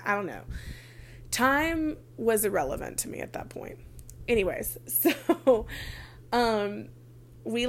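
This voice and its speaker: Young woman, chatty vlogger storytelling, light vocal fry. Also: mid-range voice. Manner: chatty, frequent "like" fillers, casual swearing. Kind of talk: casual storytelling.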